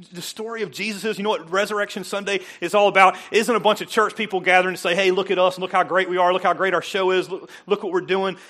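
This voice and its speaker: A man preaching a sermon as pastor, dropping to soft, intimate asides and rising to loud, emphatic peaks, often laughing as he talks. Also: fairly high pitch. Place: church sanctuary.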